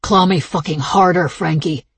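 A woman reading the lines of a demanding, controlling young man in an audiobook, low and urgent. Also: moderate pace, breathy edge, no echo, full character voice. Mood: urgent, commanding.

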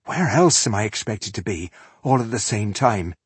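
A man voicing a gruff, defiant male dwarf crossbowman who shouts battle taunts. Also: on the low side, animated, normal speed, no room sound. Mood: gruff taunting.

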